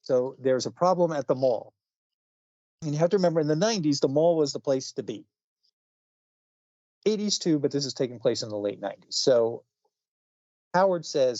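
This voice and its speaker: A man's voice: on the high side, animated, normal speed, long pauses, mellow, dry recording. A middle-aged man hosting a podcast, chatting casually in a rambling way with restarts and chuckles. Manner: rambling, self-correcting, chuckling asides. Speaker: podcast co-host reviewing comics. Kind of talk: casual chat. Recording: dull lo-fi sound, dry.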